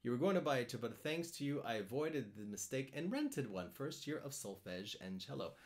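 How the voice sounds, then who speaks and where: A man's voice: medium pitch, sing-song, fairly quick, darkish tone. A man hosting a cello live stream, chatting casually, reading out viewer comments and answering them, often repeating his words as he thinks aloud. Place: home in France.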